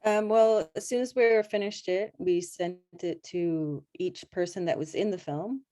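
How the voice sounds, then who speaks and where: A woman filmmaker on a video-call panel, explaining calmly with many ums and pauses. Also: on the low side. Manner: unhurried, halting, many ums. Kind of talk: casual panel conversation.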